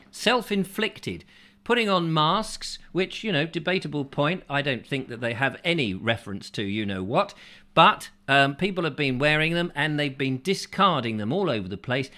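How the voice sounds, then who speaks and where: Male host, comic rambling delivery, rhetorical asides, very animated pitch. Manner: jokey, rhetorical questions, mock-confused asides. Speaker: show host reading viewer comments.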